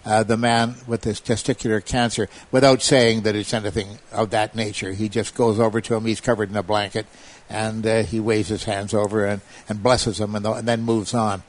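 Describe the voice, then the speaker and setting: A man's voice: lowish voice, moderate pace. A man telling a story in a casual conversation, acting out quotes in a raised voice. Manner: animated, quotes others in raised voice. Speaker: guest recounting an investigation.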